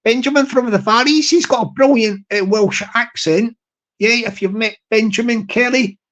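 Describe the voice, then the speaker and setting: Rambling man, halting and repetitive. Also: very high voice, fairly bright tone, low-quality recording. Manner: halting, repetitive, many fillers and restarts. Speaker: live stream host. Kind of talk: rambling live stream talk.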